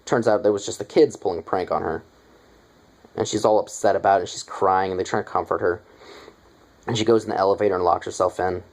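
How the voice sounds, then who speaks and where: A man's voice: sits low, fairly even intonation, fast talker, low-quality recording. A young man casually retelling a movie's plot in a review, rambling with lots of fillers and offhand asides.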